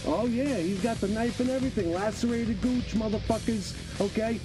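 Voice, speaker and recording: A performer voicing a crude, aggressive pitchman in a spoof commercial, swearing through the pitch. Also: normal speed, lightly acted. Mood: pushy. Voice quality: profane, hard-selling. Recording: music playing behind.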